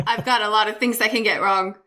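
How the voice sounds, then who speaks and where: Co-host, woman, non-native English, bright edgy tone, casual. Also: medium pitch, fairly even intonation, moderate pace. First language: not English. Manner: brief listening responses. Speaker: podcast co-host. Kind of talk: casual chat.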